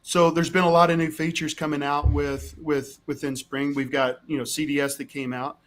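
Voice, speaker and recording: A man's voice: fairly high pitch, little pitch movement, normal speed, fairly bright tone. A man hosting a casual tech show, asking questions eagerly. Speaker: show host.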